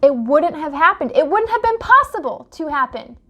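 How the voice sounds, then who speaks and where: Fired-up high-voiced woman coach. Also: sing-song, normal speed, sharp tone. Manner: impassioned, full of rhetorical questions. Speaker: life coach and dream interpreter. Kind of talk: direct-to-camera vlog monologue.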